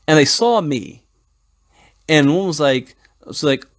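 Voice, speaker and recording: A man's voice: on the high side, expressive, slow pace. Rambling man thinking aloud. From United States. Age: 40s. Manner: rambling and thinking out loud, with frequent restarts and chuckles. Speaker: crypto channel host. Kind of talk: casual commentary, reading an article aloud and breaking off to tell stories.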